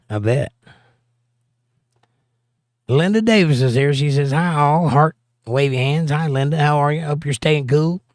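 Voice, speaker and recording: A man's voice: fairly high pitch, takes it slowly, long pauses, no echo. Man casually reading out live chat. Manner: reads chat messages aloud and answers with dry jokes. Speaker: livestream host reading viewer chat.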